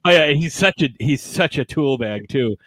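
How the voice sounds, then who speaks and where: A man's voice: fairly high pitch, animated, normal speed, a bit bright, no echo. A man in casual, profane podcast chat, given to sarcastic impressions.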